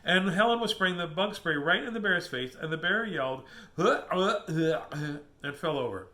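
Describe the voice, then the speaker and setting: Animated man reading a picture book. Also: high-pitched, brisk. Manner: animated, chuckling asides to the listener. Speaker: children's book reader.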